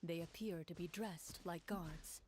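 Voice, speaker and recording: A woman serving as game master, narrating a tabletop role-play in a measured, descriptive way. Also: on the low side, fairly even intonation, darkish tone, a little hiss or hum.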